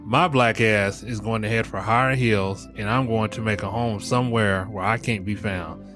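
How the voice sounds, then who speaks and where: A man's voice: fairly low pitch, normal speed, over music. A middle-aged man hosting a podcast in a casual comic monologue, laughing often, swearing freely and talking straight to his listeners. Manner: animated, laughing, profane, talks to listeners as y'all. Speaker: podcast host.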